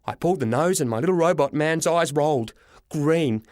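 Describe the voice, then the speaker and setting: A man narrating a children's story as a boy, with a lively, dramatic reading. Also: a little high, moderate pace, no room sound, studio quality. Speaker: audiobook reader. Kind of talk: storybook narration in a boy's first person.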